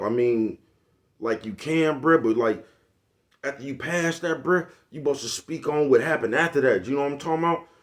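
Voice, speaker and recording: An older man, giving a blunt, preachy, profane motivational monologue to his viewers. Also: medium pitch. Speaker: vlogger.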